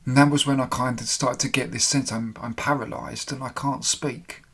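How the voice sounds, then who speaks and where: A man recounting his own experience in an emotional, halting way, pausing and restarting as he remembers. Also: medium pitch, fairly even intonation, fairly bright tone, husky. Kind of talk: personal spoken account.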